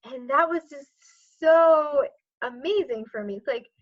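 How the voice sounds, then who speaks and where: A woman's voice: high-pitched, measured pace. A woman coach as a podcast guest, talking earnestly and reflectively in casual conversation, with many "like" and "sort of" fillers. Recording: dull lo-fi audio.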